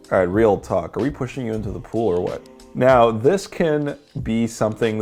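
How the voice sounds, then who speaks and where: A man's voice: fairly low pitch, mellow. A man explaining techniques in a confident, blunt instructional voice-over, swearing casually. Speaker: dating coach.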